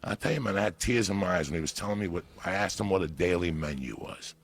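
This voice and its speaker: New man, storyteller, very low gravelly voice, rough and husky, profane and animated. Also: quick pace. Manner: animated, profane storytelling with bursts of loud emphasis. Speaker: podcast guest. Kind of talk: storytelling in casual chat.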